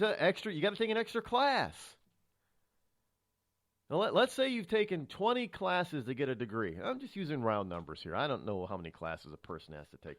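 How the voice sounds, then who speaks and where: A male talk radio host speaks into a close studio microphone with a dry sound. His pitch rides a little high and swings widely. He lectures the audience with rhetorical questions and frequent restarts. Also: no echo.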